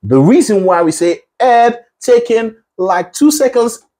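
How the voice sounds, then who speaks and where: A man's voice: very high-pitched, lively intonation, a little slow, dark tone. A man coaching a student through a singing lesson, explaining breath control with analogies and encouragement. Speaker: vocal coach.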